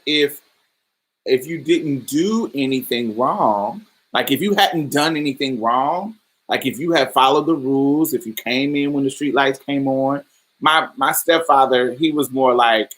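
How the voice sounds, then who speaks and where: A man's voice: medium pitch, a little slow, a bit bright. A man from Indiana hosting a podcast, telling personal stories in a chatty way, laughing often and calling the listener "baby". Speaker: podcast host. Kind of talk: casual podcast storytelling.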